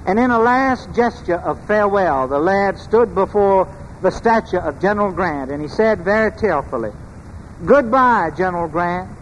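A man with a high voice preaches a sermon, measured and emphatic, and he pauses on rhetorical questions. His words ring through a large church with a long reverb, over a faint background hum. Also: expressive.

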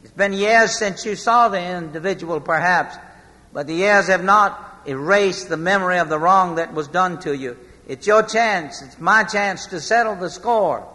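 Bright-voiced male preacher in a hall. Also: sits high. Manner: storytelling, slowing for emphasis. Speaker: pastor. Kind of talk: sermon. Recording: long hall reverb.

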